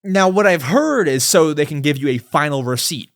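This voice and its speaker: A young male podcast host with a fairly high voice that leaps around a lot as he talks. He chats casually and excitably and often builds into fired-up, exasperated rants. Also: normal speed, hardly any pauses. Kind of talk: casual solo podcast ramble.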